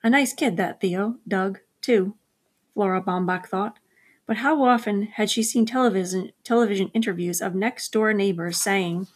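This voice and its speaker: A woman narrating a mystery novel at a measured pace, briefly voicing the characters. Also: mid-range voice, husky. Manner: measured storytelling, gives characters quick voices. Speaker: audiobook narrator. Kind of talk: scripted narration.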